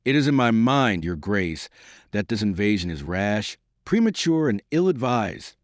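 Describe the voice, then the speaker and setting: A man voicing a calm, dignified male conspirator who speaks slowly and quietly, in an audiobook. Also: fairly low pitch, dry recording, studio quality. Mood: calm, measured.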